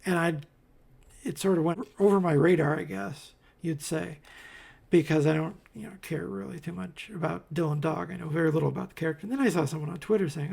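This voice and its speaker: Gravelly, husky-voiced man, slow and wry. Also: a little high, darkish tone. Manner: rambling, wry asides, many fillers and restarts. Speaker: comics reviewer. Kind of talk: casual commentary while paging through comics.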